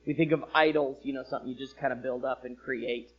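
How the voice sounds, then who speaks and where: A man preaching a sermon as pastor, with expressive delivery that rises for emphasis and drops low. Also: fast talker, highs cut off. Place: church sanctuary.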